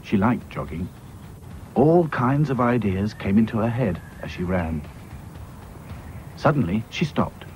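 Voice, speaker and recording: A man narrating a children's cartoon in a gentle, unhurried storytelling manner. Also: fairly low pitch, animated, highs cut off, a little hiss or hum.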